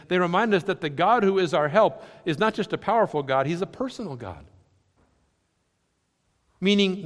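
A man preaching a sermon with a fairly high voice. He swings from loud, emphatic lines down to soft, near-quiet ones, and his words ring out with the long reverb of a large hall. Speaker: pastor.

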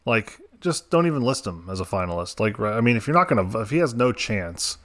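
A man's voice: fairly low pitch, very animated, brisk, fairly bright tone. A man co-hosting a casual sports podcast, blunt and joking. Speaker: podcast co-host.

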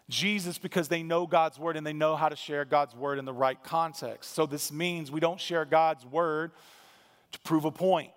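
In this sermon, a man preaches with a fairly bright tone and a voice that runs fairly high for a male speaker. His style is emphatic yet conversational, with a handful of dry asides, and every phrase trails off into long church-hall reverb.

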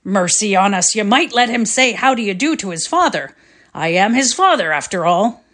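A woman's voice: medium pitch, expressive, normal speed, close to an everyday voice. A woman voicing a cordial, fussy middle-aged father with a pleasant sing-song voice in a readers' theatre story reading. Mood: alarmed, fussing. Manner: warm, fussing hospitable welcome.

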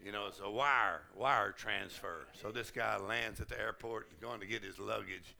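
A man preaching a sermon at a conference, exuberant, often laughing and shouting out. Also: on the low side, moderate pace, vocal fry. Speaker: pastor. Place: conference hall. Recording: crowd heard in a hall.

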